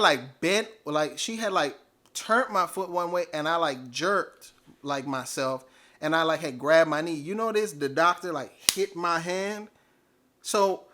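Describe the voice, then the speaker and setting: A man telling a personal story casually, animated and full of fillers. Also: fairly high pitch. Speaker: vlogger.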